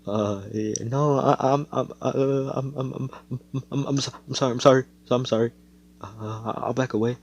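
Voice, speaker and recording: A man's voice: fairly low pitch, expressive, measured pace, pauses often, fairly bright tone, breathy edge, muffled recording, voice pushed up, heavily acted. A man voicing a nervous young male noble who stammers and repeats himself before grumbling under his breath. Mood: stammering, scared.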